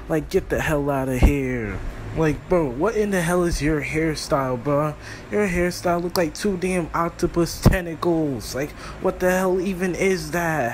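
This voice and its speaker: A man's voice: a little high, slight background noise. A young man doing a profane comedic roast of cartoon characters, crude and mocking. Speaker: roast video host.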